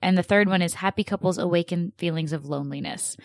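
A young woman co-hosts a casual podcast in a slightly low voice. She talks in a chatty, sarcastic way and scatters "like" through her sentences. The sound is dry and close. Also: fast, no echo. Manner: chatty, sarcastic, says "like" a lot. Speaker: podcast co-host.

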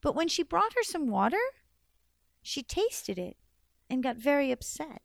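Expressive woman telling a folktale. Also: sits high, measured pace, creaky, pauses often, no room sound, studio quality. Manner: expressive, lively, varies volume for drama. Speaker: storyteller. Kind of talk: oral folktale storytelling.

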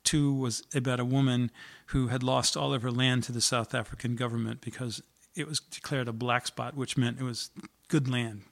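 A middle-aged man speaks in a flat, even tone, earnest and reflective. He pauses now and then with small fillers as he tells his story, like a singer-songwriter talking between songs. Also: medium pitch, creaky. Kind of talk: spoken story about writing a song.

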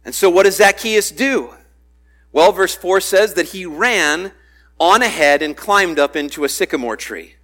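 Man, preacher, high-pitched voice, bright tone, conversational sermon. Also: expressive, measured pace. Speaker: pastor.

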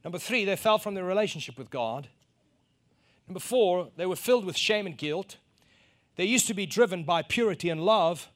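A middle-aged man from South Africa preaches with a high, expressive voice at a moderate pace. He tells a personal story, acting out the exchanges he describes and rising to loud emphasis.

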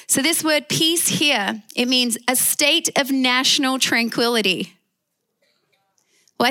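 Woman, Australian accent, sermon, emphatic, calls for amens, higher pitch. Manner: warm, emphatic preaching with call-and-response amens. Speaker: preacher.

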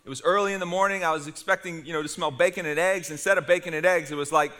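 A middle-aged man preaching a sermon, telling a story with lively humor to his congregation. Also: fairly high pitch, fast. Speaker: pastor.

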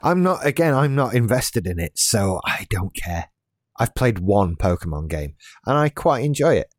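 A man's voice: lowish voice, big pitch swings, normal speed, no room sound, studio quality. Laid-back man in his late thirties. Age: late 30s. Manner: laid-back, rambling with restarts and self-deprecating asides. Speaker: podcast co-host. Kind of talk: casual chat.

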